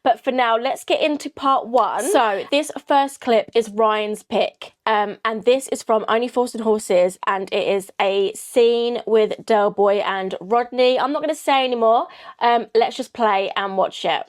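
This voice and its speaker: A woman's voice: a little high, unhurried. A young woman from Kent hosting a reaction video, chatting casually and peppering her talk with "you know" and "like". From Kent, England. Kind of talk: casual chat.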